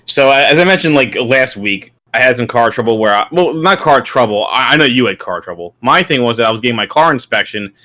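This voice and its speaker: Bright-voiced young man, stammery chat. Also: medium pitch, expressive, brisk, few pauses. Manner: stammering, chatty, self-deprecating. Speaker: podcast co-host. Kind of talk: casual podcast chat.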